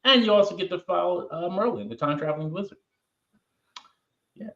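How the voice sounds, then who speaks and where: A man hosts a podcast, his voice pitched high and his pace a little fast, captured on lo-fi audio. He chats casually and reads viewer comments from the live chat aloud, staying animated and playful as he jokes around and breaks into song.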